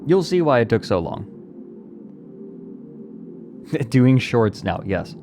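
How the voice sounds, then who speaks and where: A man's voice: medium pitch, very animated, slow pace, darkish tone, soft background music. A man streaming live, chatting casually and playfully with his viewers and answering their comments as he rambles along. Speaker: livestreamer.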